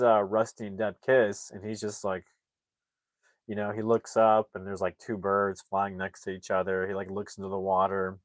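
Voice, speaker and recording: A man's voice: fairly low pitch, dry recording. A man casually recapping a comedy film's plot, rambling with lots of "like" and restarts. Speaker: movie reviewer.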